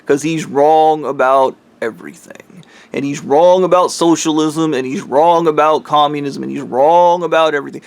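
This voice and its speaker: Rich. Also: male voice, fairly high pitch, normal speed, vocal fry, dry recording. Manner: profane, heated, rambling. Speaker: vlogger. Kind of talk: ranting monologue.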